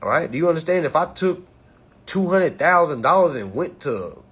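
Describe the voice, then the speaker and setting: A man speaks in with a somewhat high, husky voice. He lectures his viewers in a casual monologue. He keeps checking in with "all right?" after nearly every point. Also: very animated, normal speed, a bit bright. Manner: preachy, repeats "all right?" often. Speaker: commentator.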